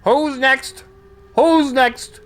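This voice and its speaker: A man voicing a nervous male arena announcer who hawks the next bout in a very high, squeaky voice. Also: steady tone, extremely slow, a bit bright, exaggerated voice. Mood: nervous hawking.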